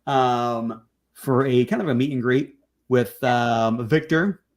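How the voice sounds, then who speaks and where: A man who makes documentaries, a guest in a casual interview chat, talking in a relaxed, rambling way with many fillers. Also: medium pitch, takes it slowly.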